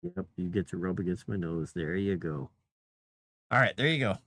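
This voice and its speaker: A man with a fairly low voice talks casually on a live writing stream, greeting viewers and cooing at his cat between thoughts. The sound is close and dry, with no room echo. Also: sing-song, normal speed, gravelly, a bit bright.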